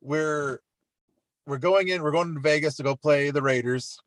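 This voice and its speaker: A man co-hosting a casual sports podcast, talking about his football team in a chatty, relaxed, self-deprecating way. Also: on the high side, normal speed, no echo. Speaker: podcast co-host.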